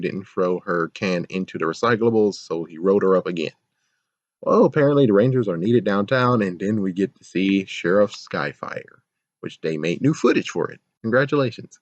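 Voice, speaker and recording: A man's voice: lowish voice, no room sound. A man giving a casual episode review, ranting sarcastically, laughing often and swearing. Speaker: show reviewer. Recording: dull, lo-fi, dry sound.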